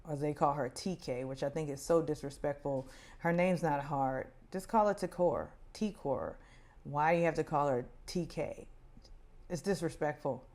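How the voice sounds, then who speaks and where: A woman with a low, full voice gives a casual, opinionated recap of reality TV. She talks in a loose, chatty way and sometimes mimics others in a higher voice. Her delivery feels easy and conversational. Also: darkish tone. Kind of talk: casual commentary.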